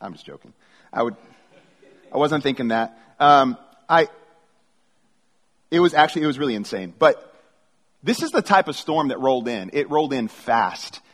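Middle-aged pastor guy, kinda husky, chatty sermon, echo trailing off in a big church hall. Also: mid-range voice, expressive, moderate pace, pauses often. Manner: conversational storytelling with repeated restarts. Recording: long hall reverb.

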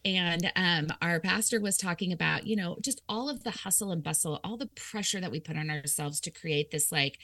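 Lively woman with a lowish voice. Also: normal speed, hardly any pauses, dry recording. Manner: lively, laughing, acts out quoted thoughts. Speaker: author guest. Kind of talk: personal storytelling in conversation.

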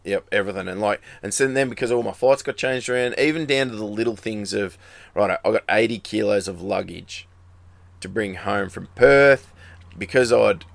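In a fairly low, creaky voice at a moderate pace, a middle-aged rally racer from Australia chats casually, rambling through a tale and performing the lines of dialogue in his Australian accent. There is no echo.

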